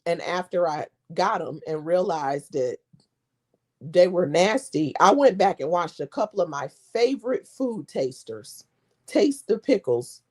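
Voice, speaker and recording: A woman vlogger chatting casually, telling a story in an animated way, mimicking people and laughing often. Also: on the low side, measured pace. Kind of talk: casual chat.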